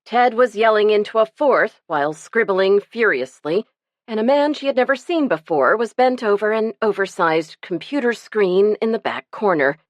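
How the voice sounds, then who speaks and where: A woman narrating an audiobook in an expressive storytelling manner. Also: mid-range voice, normal speed, no echo. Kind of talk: scripted narration.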